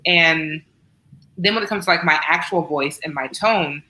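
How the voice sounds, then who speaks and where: A woman from Southern Ohio, a writer, answering interview questions in a fairly monotone but forceful storytelling manner. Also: low-pitched, normal speed, a little hiss or hum, rough recording. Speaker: writer, panelist. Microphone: video call.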